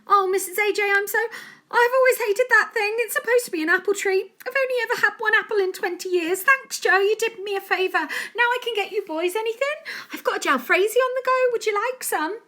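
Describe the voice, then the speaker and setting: A woman voicing a panicky, excitable mother who talks in a shrill, frantic rush. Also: fairly quick.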